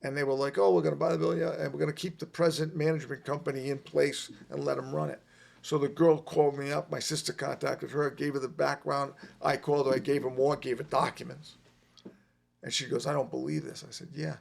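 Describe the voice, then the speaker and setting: A middle-aged man telling a long personal story on a podcast, emphatic and animated, repeating his points. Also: medium pitch, creaky. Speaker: podcast guest. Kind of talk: casual storytelling.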